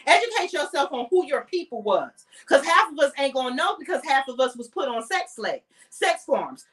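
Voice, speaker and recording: A woman's voice: sits high, a bit bright, distant mic. A woman with an African American English accent, hosting a podcast and delivering a blunt, heated, profane monologue. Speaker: podcast host. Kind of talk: impassioned monologue.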